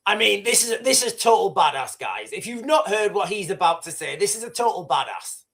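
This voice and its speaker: A man hosting a live news commentary stream, rambling and excitable with many restarts, boastful and opinionated. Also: high-pitched, brisk, gravelly. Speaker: livestream host.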